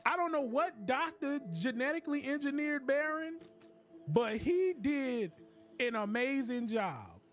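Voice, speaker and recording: A man streaming a game, riffing in a joking, animated rant with laughs. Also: very high-pitched, measured pace, soft background music. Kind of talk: casual comedic commentary while gaming.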